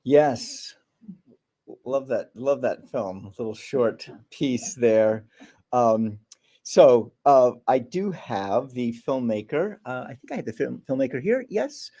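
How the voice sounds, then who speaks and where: A man's voice: mid-range voice, expressive, slow pace, mellow. A man hosting a live film festival stream, chatting with a filmmaker in a friendly, filler-heavy way.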